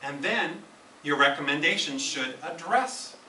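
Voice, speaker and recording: Man at the lectern, emphatic teacher type, bright voice, taped from the back of an echoey room. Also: fairly high pitch, expressive, measured pace, slight background noise. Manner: emphatic, instructive, repeats key phrases. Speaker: speaker at a speaking club meeting. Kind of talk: prepared educational speech. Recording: echoey room, camera from far off.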